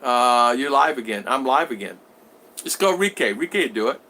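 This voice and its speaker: A man chats casually on a home livestream. His voice is bright and forward, and he reads comments aloud, then answers them. He rambles, restarts his sentences and repeats his words. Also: medium pitch, animated, a little slow. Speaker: vlogger reading live chat.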